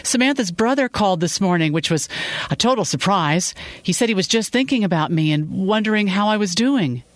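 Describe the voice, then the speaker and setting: A narrator voicing a gentle, lonely middle-aged father who speaks softly and affectionately, a little hesitant. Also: medium pitch, animated, fairly quick, dry recording, voice pushed up, close to an everyday voice. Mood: tender. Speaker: character in a read story.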